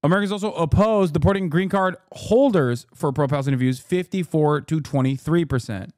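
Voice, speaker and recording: A man livestreaming political commentary, reacting to his chat with a profane, combative, rapid-fire delivery. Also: a little high, a little mellow, no echo, studio quality. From lives in California.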